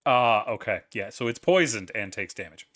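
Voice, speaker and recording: Man game master, bright tone, casual, laughs a lot, swears freely. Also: on the low side, animated, moderate pace. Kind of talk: running a tabletop game.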